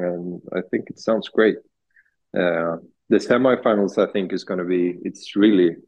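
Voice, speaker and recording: A man with a Swedish accent answering interview questions in a relaxed, hesitant way. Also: lowish voice, highs cut off. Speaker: guest artist.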